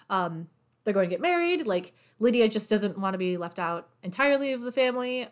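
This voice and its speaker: A woman's voice: mid-range voice, expressive, a little fast. Chatty young woman retelling a story. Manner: chatty, filler-heavy, acts out characters' lines. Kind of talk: casual chat, retelling a novel's plot.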